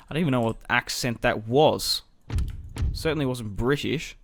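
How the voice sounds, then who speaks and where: A man's voice: mid-range voice, dry recording. A young man giving casual commentary over a strategy game, thinking aloud as he plans his moves. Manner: thinking aloud, musing and unhurried. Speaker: gaming video host.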